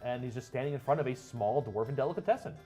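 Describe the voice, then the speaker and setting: A man's voice: mid-range voice, quick pace, dark tone, faint music behind. A man narrating a tabletop game as game master, describing the scene at length with frequent restarts.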